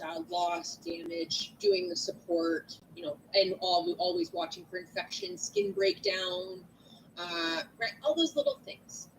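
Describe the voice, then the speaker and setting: Loud, lively woman teaching. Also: fairly high pitch, creaky, slight background noise, rough recording. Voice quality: big loud voice. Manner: chatty, animated, asks "right?" often. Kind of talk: online lecture to students. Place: at home at a computer. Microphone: computer mic.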